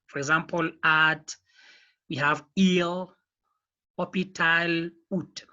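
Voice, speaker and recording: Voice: mid-range voice, pushed and bright, highs cut off. A teacher leading an online beginners' French lesson, explaining patiently and repeating the key points. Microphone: video call.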